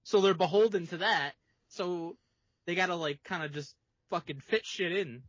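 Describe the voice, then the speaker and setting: A man with a high, bright voice explains things plainly in casual podcast chat, throwing in swear words. The recording is dull and lo-fi with a dry sound. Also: normal speed, no echo. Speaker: podcast co-host.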